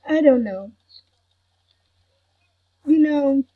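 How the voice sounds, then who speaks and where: A woman's voice: high voice, extremely slow, dull audio. A woman hosting a gaming channel, chatting casually over gameplay and grumbling that she is not mad. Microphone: computer recording mic.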